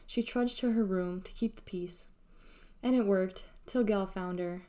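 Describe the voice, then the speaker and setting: A woman reading a children's novel aloud with steady, expressive storytelling. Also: medium pitch, unhurried. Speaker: reader.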